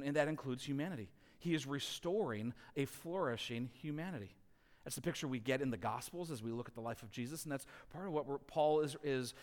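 A man preaching a sermon as a pastor, telling a family story with lively, animated delivery. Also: a little high, big-room sound. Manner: animated storytelling, rising loud when acting out scenes.

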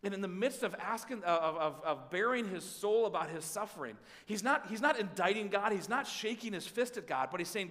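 A man preaching a sermon, voicing prayers aloud and swinging between pleading and hushed tones, often repeating words as he goes. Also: sits high, expressive, a little fast, few pauses, long reverb tail. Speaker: pastor.

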